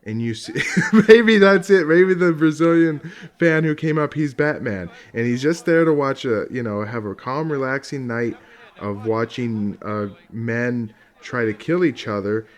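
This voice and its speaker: A man's voice: mid-range voice, lively intonation, measured pace. A man casually commentating on old fight footage, rambling, swearing often and laughing along.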